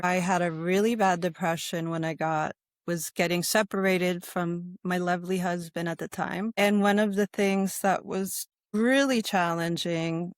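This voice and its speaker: A middle-aged American woman, a yoga instructor and podcast guest, telling her personal story in a casual, animated way and acting out what other people said. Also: on the low side, unhurried, no echo, clean studio sound. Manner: animated, acts out quoted people in livelier voices.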